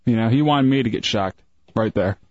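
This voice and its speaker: A man co-hosting a radio show, teasing and deadpan, talking casually in the studio. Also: on the low side, fairly quick, no room sound. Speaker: radio co-host. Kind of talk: casual talk-radio banter. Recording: dry, dull radio audio.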